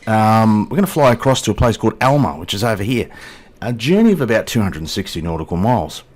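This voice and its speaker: Male host, low voice, animated swings in pitch, chatty and self-mocking gameplay commentary. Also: quick pace. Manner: chatty, joking and self-deprecating. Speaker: flight sim video host.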